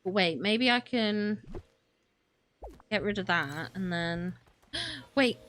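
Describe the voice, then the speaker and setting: A woman's voice: mid-range voice, animated, extremely slow, a bit bright, a little hiss or hum. A young woman streaming a game, talking to herself in a flustered, chatty way with frequent laughs and exclamations. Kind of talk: gaming livestream commentary.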